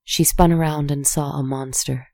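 A storybook narrator speaks calmly, softly, and in a measured way, with a creaky, gravelly voice that holds fairly level in pitch. The recording is close and dry, with no room sound.

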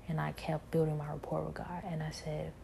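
Low, flat, gravelly-voiced woman testifying. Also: slight background noise. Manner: earnest, halting, many restarts and filler phrases. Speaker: believer sharing a personal testimony. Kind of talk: personal religious testimony.

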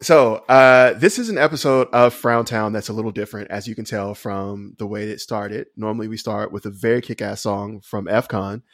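A man's voice: fairly low pitch, fairly even intonation, moderate pace, hardly any pauses, no echo, clean studio sound. A man co-hosting a comedy podcast, chatting casually, rambling with fillers and frequent laughter. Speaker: podcast co-host.

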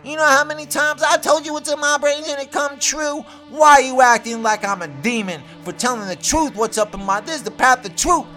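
A man's voice: extremely high pitch, normal speed, few pauses, bright, forceful tone, faint music behind. A man giving a rambling, boastful comic monologue as a self-proclaimed prophet.

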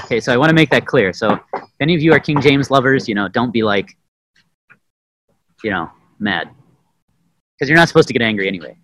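A young adult man giving a conversational sermon, often asking "right?" and acting out quotes with sudden loud bursts. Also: mid-range voice, lively intonation, a little fast, long pauses, poor audio. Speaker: preacher. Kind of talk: informal sermon teaching.

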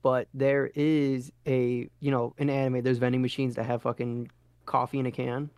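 A man in a casual podcast chat, crude and excitable as he swaps soda stories. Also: medium pitch, normal speed, clean tone, dry recording.

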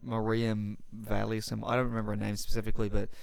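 A young man co-hosting a podcast, his voice gravelly and full of fry. He rambles through stories, restarting his sentences and swearing casually. He is recorded close and dry, with no room sound. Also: lowish voice, monotone, fast, no echo. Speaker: podcast co-host. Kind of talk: casual chat.

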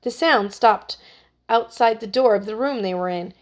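A woman's voice: on the high side, normal speed. Woman reading a children's story aloud. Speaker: narrator.

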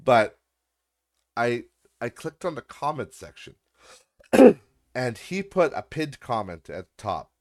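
A man's voice: medium pitch, very animated, slow pace, pauses often. A man hosting a podcast, ranting sarcastically in a casual way and swearing freely. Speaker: podcast host. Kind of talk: casual rant.

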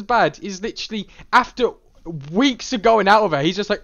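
Blunt, animated man on a dull, lo-fi recording. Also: high voice, moderate pace, vocal fry, few pauses. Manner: blunt, animated, acts out quotes. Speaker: podcast co-host reviewing a film. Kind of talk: casual chat. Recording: dull lo-fi sound.

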